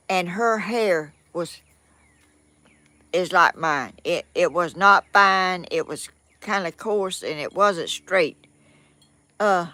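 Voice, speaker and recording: A woman's voice: lowish voice, pushed and bright, no room sound. An older woman with a Georgia Southern accent chatting folksily on her vlog, rambling and poking fun at herself. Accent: Southern American, Georgia. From southern United States. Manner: rambling, folksy, self-deprecating. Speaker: vlogger. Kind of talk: casual chat reading viewer comments.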